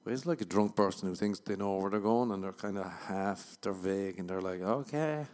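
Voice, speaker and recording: A man's voice: deep voice, steady tone, a little fast, darkish tone. A man hosting a podcast, rambling through a comedic monologue full of swearing and self-mocking jokes. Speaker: podcast host.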